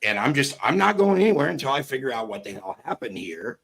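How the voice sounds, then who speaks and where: A man's voice: medium pitch, big pitch swings, fast, creaky, fairly bright tone, slightly rough. A man talking casually as a guest, blunt and emphatic, peppering his talk with "you know". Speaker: guest commentator. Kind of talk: casual chat.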